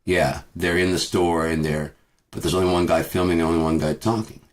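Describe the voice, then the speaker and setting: A man's voice: sits low, fairly even intonation, a little fast. A man delivering a bitter, profane rant as a vlogger, repeating himself as he talks. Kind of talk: profane ranting monologue.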